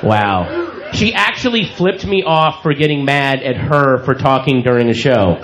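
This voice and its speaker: A stand-up comedian on a club stage, loudly and profanely mocking audience members who kept talking. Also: male voice, mid-range voice, expressive, measured pace. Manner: incredulous, mocking, profane, loud. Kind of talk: stand-up set, confronting hecklers. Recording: live club recording with crowd noise. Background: audience laughter and club noise.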